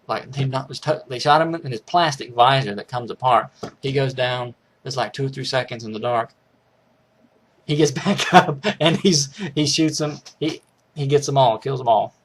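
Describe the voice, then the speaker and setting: A man casually recapping a movie's plot in a rambling way, restarting sentences and chuckling as he goes. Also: mid-range voice. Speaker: movie reviewer.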